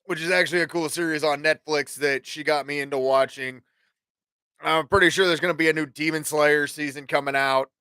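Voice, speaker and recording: A man's voice: fairly high pitch, fairly even intonation, a little fast, pushed and bright, clean tone, dry recording. A man in his forties hosting a talk show, rambling through an opinionated, profanity-laced casual monologue.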